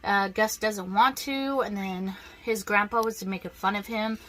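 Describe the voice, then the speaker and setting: Woman, bright voice, casual book vlog chat, rambling with ums and likes. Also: medium pitch, steady tone, measured pace. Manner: chatty, many ums and likes, restarts. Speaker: book vlogger. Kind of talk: casual reading update.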